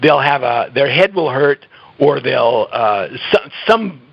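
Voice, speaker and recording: In a conversational interview recorded with dull lo-fi audio, a male guest gives health advice about his habits. His medium-pitched voice is slow, lively in intonation, slightly rough, with vocal fry. He speaks earnestly and emphatically, laughing often and restarting sentences.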